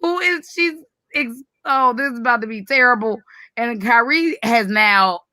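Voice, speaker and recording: A woman's voice: on the high side, a little slow, no room sound. A woman in her forties hosting a casual chat, telling a family story with lots of laughter and acted-out quotes. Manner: animated, acts out quoted voices, laughs often. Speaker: host.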